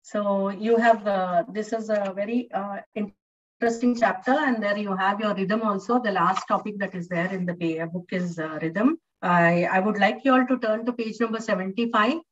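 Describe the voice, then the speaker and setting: A woman's voice: mid-range voice, fairly even intonation, moderate pace. Woman lecturing over distant lo-fi audio. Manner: patient, repetitive teaching with frequent fillers. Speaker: English lecturer. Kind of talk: online class lecture. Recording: distant, dull lo-fi online audio.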